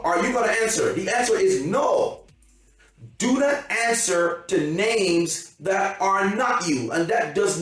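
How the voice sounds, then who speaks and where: Emphatic coach in a very echoey hall. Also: male voice, sits high. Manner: emphatic, repetitive, keeps checking the audience understands. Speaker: motivational coach. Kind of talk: motivational seminar talk. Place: seminar room. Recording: heavy echo, from a distance.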